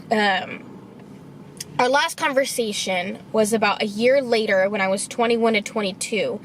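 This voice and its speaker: A woman in her twenties telling a personal story to her camera. She talks in a halting, emotional way and sounds tearful. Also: mid-range voice, a little hiss or hum. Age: 20s. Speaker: vlogger.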